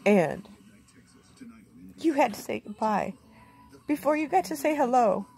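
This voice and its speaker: A woman's voice: on the high side, lively intonation, measured pace, vocal fry, darkish tone. A middle-aged woman vlogger speaking candidly and emotionally in a plainspoken, heartfelt way from inside a camper. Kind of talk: candid personal vlog.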